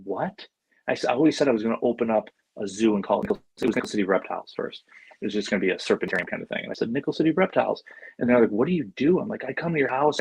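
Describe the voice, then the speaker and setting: Husky-voiced man telling lively stories. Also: medium pitch, dry recording, poor audio. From Buffalo, New York. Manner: animated, acts out quoted voices. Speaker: podcast guest. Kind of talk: casual storytelling.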